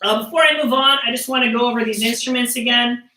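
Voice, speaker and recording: A woman's voice: fairly high pitch, fairly even intonation, quick pace, bright, forceful tone. A woman performing and teaching percussion storytelling to children over a live stream, in a playful, joking way. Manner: playful, jokey, talking to kids. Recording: roomy sound, mic at a distance.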